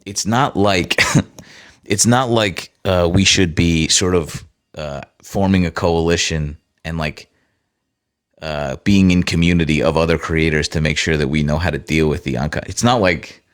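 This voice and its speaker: A man with a low, deep voice hosts a livestream and talks straight to his viewers. His chat is loose and casual, full of sarcasm and swearing. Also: unhurried, fairly bright tone. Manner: sarcastic, profane banter with viewers. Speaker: livestream host.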